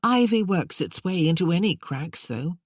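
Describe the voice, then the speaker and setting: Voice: mid-range voice, sing-song, moderate pace, no room sound, studio quality. An audiobook narrator voicing a polite, hospitable aristocratic lady. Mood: gracious. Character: gracious aristocratic lady Cecilia.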